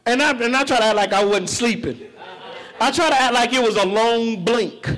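A middle-aged man preaching a sermon in church, shouting for emphasis and telling humorous stories about his own life. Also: very high-pitched, moderate pace.

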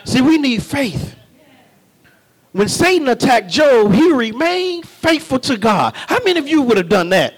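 High-voiced, lively preacher man. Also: measured pace, slightly rough. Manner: call-and-response, folksy, shouting at peaks. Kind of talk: sermon.

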